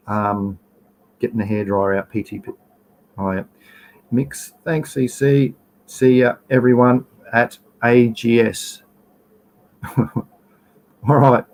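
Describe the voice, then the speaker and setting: An Australian man hosting a live stream in a loose, chatty way. He is blunt and profane, and he rants openly at his viewers. His voice sits at an ordinary middle pitch for a man. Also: darkish tone, poor audio. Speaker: livestream host. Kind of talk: casual live stream chat.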